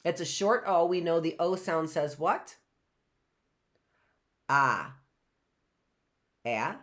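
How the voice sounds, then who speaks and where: A woman leads a live phonics lesson at an unhurried pace, drawing out each letter sound and repeating it. Her voice sits on the low side, but the pitch swings widely as she asks the class questions and answers them herself. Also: fairly bright tone. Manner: drawn-out, repeated sounds and frequent "right?". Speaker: teacher.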